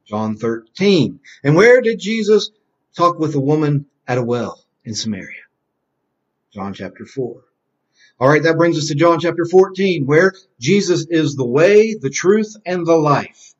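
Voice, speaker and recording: A man with a voice on the high side and lively intonation teaches children a Bible lesson, quizzing them and slowly answering his own questions. He drills key phrases through repetitive call-and-response, heard on a dull lo-fi recording.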